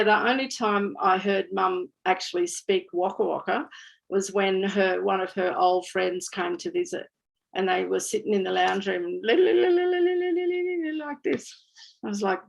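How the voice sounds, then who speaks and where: Gravelly-voiced woman in her sixties. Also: mid-range voice, low-quality recording. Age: 60s. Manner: candid, chatty, laughs easily. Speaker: guest speaker. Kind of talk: storytelling at a community talk.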